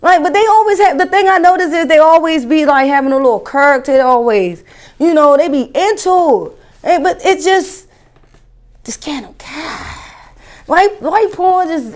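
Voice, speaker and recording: Woman, comedian, crude stand-up rant, incredulous, fairly high voice. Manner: animated, incredulous, crude and profane.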